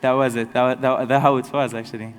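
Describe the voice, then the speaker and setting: A man's voice: medium pitch, little pitch movement, a little hiss or hum. Man telling his story in a reverberant hall. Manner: halting, self-correcting, good-humored. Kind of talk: personal storytelling talk. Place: large hall with an audience.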